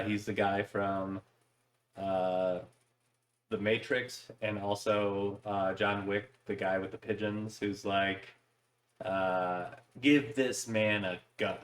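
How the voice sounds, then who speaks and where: Laid-back low-voiced man in echoey room. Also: a bit bright. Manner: laid-back, lots of fillers. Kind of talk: casual chat.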